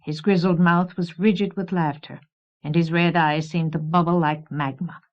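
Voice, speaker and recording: A woman reading a fantasy novel as audiobook narrator in a measured, even way. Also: fairly low pitch. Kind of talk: scripted narration. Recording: dull old cassette recording.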